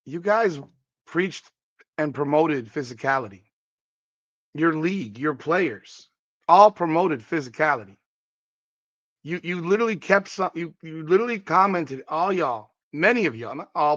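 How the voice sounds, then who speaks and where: Guy on a sports podcast, kinda high voice, hammering points over and over, dull lo-fi sound. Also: fairly bright tone, dry recording. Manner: emphatic, repeats his points. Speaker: podcast host. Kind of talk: sports commentary reacting to a clip.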